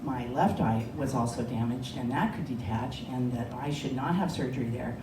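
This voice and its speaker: A woman's voice: very deep voice, moderate pace. A woman telling a personal story at a live story slam, conversational and often laughing. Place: bar lounge stage. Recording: echoey lounge, distant mic, background noise.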